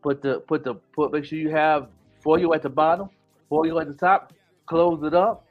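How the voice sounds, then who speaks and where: In dull lo-fi sound with faint background music, a Buffalo-accented man from Buffalo, New York, chats casually in a podcast interview, restarting often and dropping easygoing slang. His voice is a little high, with fairly even intonation at a normal speed.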